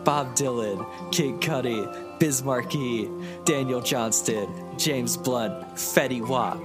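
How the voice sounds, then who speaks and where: A man's voice: medium pitch, slow pace, loud music behind the voice, close to an everyday voice. A man voicing a blunt teenage girl who lectures a boy in a pointed, matter-of-fact way.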